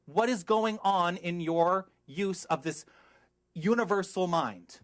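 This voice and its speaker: Middle-aged male minister, lively sermon delivery, slightly higher pitch, asks the room questions. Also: takes it slowly. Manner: animated, emphatic, asks the congregation questions, goes off on tangents.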